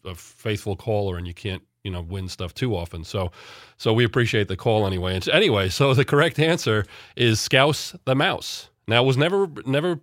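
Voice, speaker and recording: A male radio host with a lowish voice, chatting loosely and rambling, with lots of "uh"s and restarts. His voice is recorded close and dry, with no room sound. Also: dry recording. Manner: rambling, many fillers and restarts. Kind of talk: casual radio chat.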